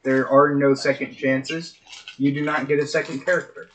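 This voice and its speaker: A man acting as game master, setting an ominous scene with deliberate narration for a tabletop role-playing game. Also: medium pitch, flat delivery, poor audio.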